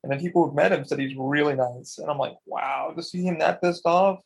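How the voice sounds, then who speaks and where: A young man co-hosting a casual podcast about video games, animated and swearing freely as he acts out quotes. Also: a little high, a little fast, creaky, breathy edge, poor audio. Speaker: podcast co-host.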